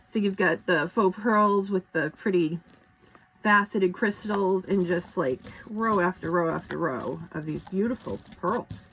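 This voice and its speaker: Give me a relaxed woman with a slightly low voice, talking unhurried as she handles and admires her finds. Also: slight background noise. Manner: chatty, admiring, talks while handling items. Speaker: jewelry seller showing auction finds. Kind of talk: casual show-and-tell chat.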